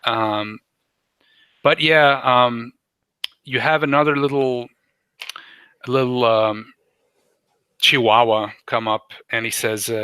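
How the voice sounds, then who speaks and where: A man running a tabletop game, rambling along with lots of fillers. His voice is bright and forward, recorded close and dry. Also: mid-range voice, fairly even intonation, takes it slowly, long pauses, clear, resonant tone, no echo. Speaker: game master.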